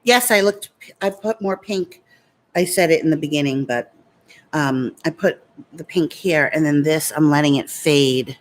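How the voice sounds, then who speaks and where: With a low-pitched, unhurried voice, a woman does her makeup on camera and chats casually about viewer comments. The beauty vlogger is talkative and defiant, happily talking back to those who criticize her.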